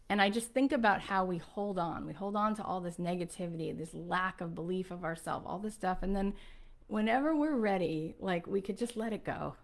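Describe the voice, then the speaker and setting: A woman in her forties, a podcast host, telling a personal story to her listeners in an earnest, animated way with many fillers. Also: medium pitch. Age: 40s.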